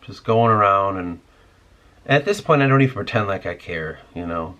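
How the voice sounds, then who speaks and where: A man's voice: fairly low pitch, lively intonation, normal speed, sharp tone, lo-fi sound. A man hosting a podcast, delivering a rambling, irritated, profane rant in casual talk. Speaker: podcast host.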